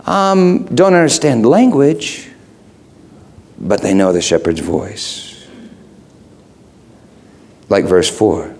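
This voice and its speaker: A middle-aged pastor preaches with a lively, bouncing delivery that stays playful and conversational. His pitch leaps around as he shifts from hushed asides to excited emphasis.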